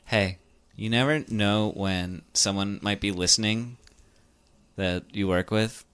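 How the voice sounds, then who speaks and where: A man's voice: fairly low pitch, a bit bright, clean tone. A young man hosting a podcast game, joking and teasing in casual banter. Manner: joking, teasing, quick asides. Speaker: podcast host running a game.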